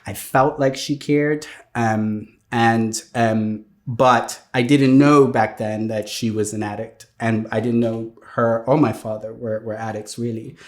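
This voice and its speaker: A young man, telling his life story in a reflective, halting way with many pauses and restarts. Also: medium pitch, fairly even intonation. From Bermuda. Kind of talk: personal testimony interview.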